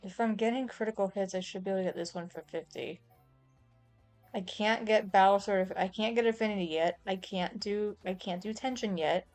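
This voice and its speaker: A woman's voice: medium pitch, a little fast, darkish tone, soft background music. A woman streamer giving casual gameplay commentary, thinking aloud as she lists what she can't do yet.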